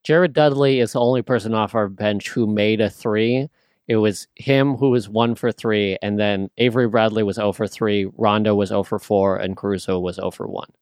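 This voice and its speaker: A man with a lowish voice talking through game stats in a relaxed, analytical way. The sound is close and dry. He stays level and easygoing. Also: moderate pace, clear, resonant tone, no echo. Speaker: podcast co-host. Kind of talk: casual sports chat.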